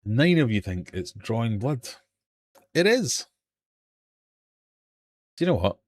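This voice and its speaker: A man running a live quiz from his fish room at home, his voice sitting a little low. He reads out multiple-choice questions and keeps up a joking, self-mocking patter between them. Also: very animated, fairly quick, darkish tone, no room sound, studio quality. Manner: jokey, self-mocking quizmaster. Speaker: livestream quiz host. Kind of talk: live quiz hosting chat.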